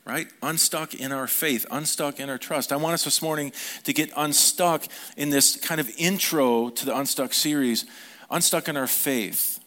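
A man's voice: fairly high pitch, normal speed, bright, forceful tone. A middle-aged man preaching a sermon in a conversational way, often asking the congregation questions. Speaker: pastor.

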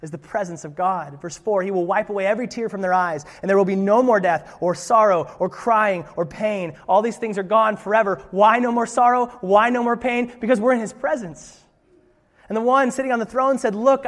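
A pastor delivers a sermon with a bright, high-pitched voice, moving from scripture reading into loose, playful asides. His voice carries a long reverb, as if from a large church hall. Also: fairly quick. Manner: lively, conversational preaching with playful asides.

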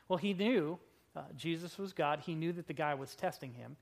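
Emphatic woman preaching a sermon. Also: low-pitched. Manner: emphatic, swinging between loud and hushed; slows down to stress key words. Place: church service.

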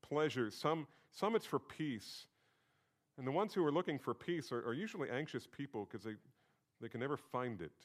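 A man's voice: mid-range voice, lively intonation, moderate pace. A male pastor giving a sermon in a conversational teaching manner, stressing points through repetition.

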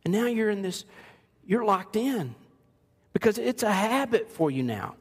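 High-voiced man preaching in a hall. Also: big pitch swings, measured pace, husky. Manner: conversational, joking, acts out quoted voices. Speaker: pastor. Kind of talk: sermon. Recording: long reverb of a large hall.

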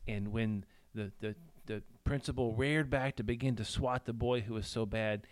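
A man hosting a podcast, telling a story in casual chat with halting restarts. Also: medium pitch, fairly even intonation, clean tone. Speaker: podcast host.

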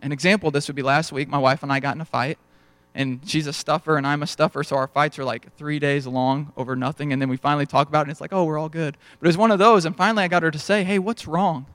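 A young man preaches in a relaxed, storytelling way, slipping into little snippets of dialogue as he goes. His voice sits a bit higher than most men's, and the sound is dry and close, with no room echo. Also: fast talker, hardly any pauses. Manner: conversational storytelling, acts out dialogue. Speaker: pastor. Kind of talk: sermon.

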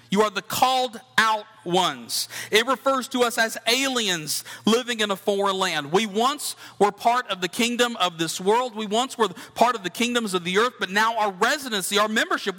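A man preaches a sermon, earnest and conversational, turning to his listeners with direct questions. His voice sits high and bright. It rings out with the long reverb of a large hall. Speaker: pastor.

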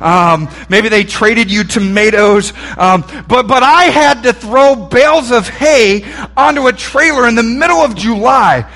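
A man delivers a sermon in a folksy, lively way, asking his listeners questions as he goes. His voice sits high for a man and sounds bright. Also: a little slow. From Texas. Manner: folksy and animated, asks the room questions. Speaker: preacher.

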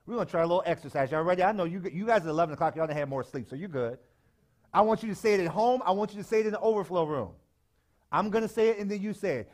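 Animated male preacher. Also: a little high, fast talker. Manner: animated, call-and-response preaching with sudden loud shouts. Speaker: pastor. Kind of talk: sermon. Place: church sanctuary with live congregation.

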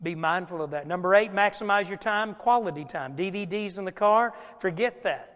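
Folksy older preacher, high bright voice. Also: male voice, normal speed, long reverb tail. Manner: folksy, animated, with loud bursts. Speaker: pastor. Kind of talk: sermon. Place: church sanctuary.

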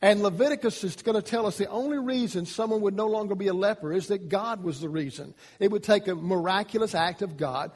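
A man preaching a sermon, emphatic, his voice rising in pitch and loudness on key points. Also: a little fast, hardly any pauses, big-room sound. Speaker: pastor.

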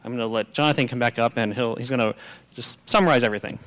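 Man with a smooth voice giving a short, halting church talk. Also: mid-range voice, a bit bright. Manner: halting, with fillers.

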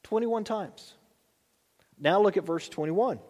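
High-voiced man preaching in a reverberant hall. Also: darkish tone. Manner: reads scripture slowly, then preaches with rising emphasis. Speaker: pastor. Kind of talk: sermon.

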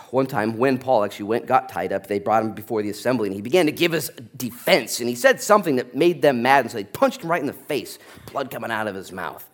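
A man preaching a sermon as a pastor, telling stories with lively, animated energy and acting out the people in them. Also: mid-range voice, fast talker. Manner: animated storytelling, acting out voices.

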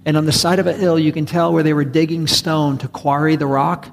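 Male pastor, sermon delivery, gravelly voice a touch above average pitch, long church reverb. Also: level tone, brisk. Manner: conversational, emphatic preaching with repetition. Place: church sanctuary.

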